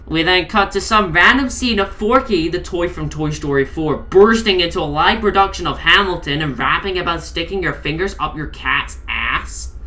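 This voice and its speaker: Bright, exasperated woman reading a story. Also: fairly low pitch. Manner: exasperated, heavy swearing. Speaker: creepypasta reader. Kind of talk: comedic horror story narration.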